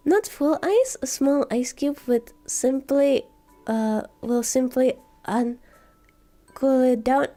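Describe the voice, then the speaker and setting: A woman streamer chatting casually in a soft, slow, cozy way while sick with a scratchy, sore throat. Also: high-pitched. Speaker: vtuber streamer. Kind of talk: casual chat.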